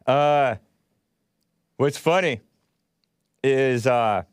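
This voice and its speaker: A man's voice: medium pitch, very slow, smooth, dry recording, studio quality. A man hosting a call-in talk show, chatting casually, laughing often and reading out listener comments. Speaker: radio call-in show host.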